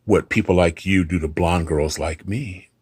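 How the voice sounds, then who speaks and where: Brief: demanding blonde hotel guest, put on by a man telling the story, pushy and fearful, husky. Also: low voice, moderate pace, a little mellow, no room sound. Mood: accusing. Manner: insistent, pleading.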